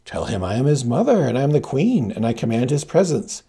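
A man voicing an anxious young queen, pleading and commanding in a gravelly voice. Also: mid-range voice, sing-song, a little fast, dark tone, heavily acted.

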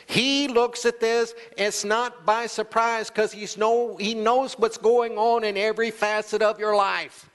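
A man's voice: sits high, little pitch movement, unhurried, few pauses, a bit bright, smooth. A male pastor preaching a sermon, calling out to the congregation and acting out quoted voices. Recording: long church hall reverb.

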